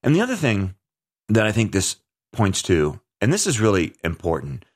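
A man with a very low voice talks through a topic in conversational commentary. He is earnest and emphatic and often restarts mid-sentence as he hosts the show. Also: huge pitch swings, moderate pace.

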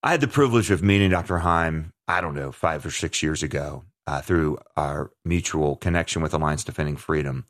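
A man's voice: a bass voice, a little fast, few pauses, fairly bright tone. A man hosting a talk show, speaking earnestly and emphatically in conversational commentary, often restarting his sentences.

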